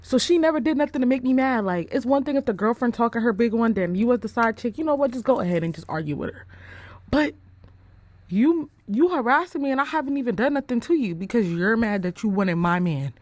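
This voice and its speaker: A young woman telling a personal story-time to her viewers, blunt and profane, animated in her storytelling. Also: on the high side, a little fast. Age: young adult. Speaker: storyteller vlogger.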